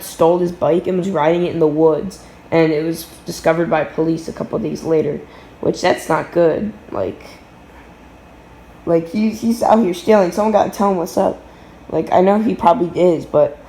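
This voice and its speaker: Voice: medium pitch, a little mellow, echoey room, slight background noise, low-quality recording. A teenager telling a casual storytime vlog from a home basement, rambling with lots of fillers and restarts.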